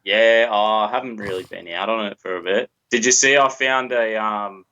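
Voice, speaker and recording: A man's voice: on the low side, normal speed, sharp tone, muffled recording. A man from Australia, a guest on a casual podcast, laid-back and swearing, saying "mate" a lot.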